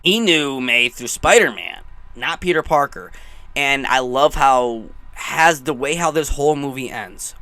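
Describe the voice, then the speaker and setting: A young man giving an excited, rambling movie review, gushing and emotional as he talks. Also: mid-range voice, measured pace, no echo.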